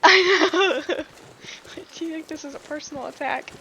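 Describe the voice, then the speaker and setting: A woman's voice: sits high, a little slow, pushed and bright, slight background noise. A woman streaming a game, chatting casually in rambling anecdotes, laughing often and filling her talk with "like". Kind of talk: casual chat while gaming.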